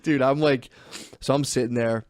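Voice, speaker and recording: A man's voice: medium pitch, fairly even intonation, normal speed, a little mellow, dry recording, clean studio sound. A young man co-hosting a podcast, telling a story in a loose, rambling way, swearing and laughing often. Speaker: podcast co-host. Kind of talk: casual chat.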